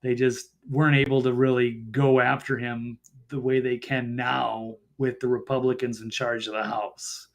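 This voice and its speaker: A man appearing as a guest journalist on a political talk show, answering in an agreeable, measured way. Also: mid-range voice, little pitch movement.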